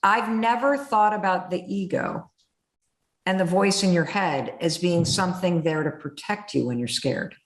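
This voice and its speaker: A woman podcast host speaking candidly, an animated storyteller who acts out her own inner voice. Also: fairly low pitch, a little slow, echoey room. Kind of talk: candid conversation.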